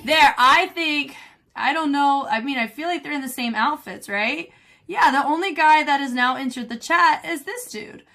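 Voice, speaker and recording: A woman's voice: sits high, normal speed, sharp tone. A woman choreographer from the United States, giving chatty, enthusiastic dance reaction commentary and scatting along to the beats. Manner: scats and counts beats along with the music. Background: faint music.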